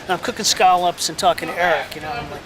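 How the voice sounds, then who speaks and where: A man telling an animated story about his first film role in a casual interview, acting out the other people's lines. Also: a little high, quick pace. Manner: animated storyteller, acts out quotes, many restarts. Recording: crowd noise outdoors.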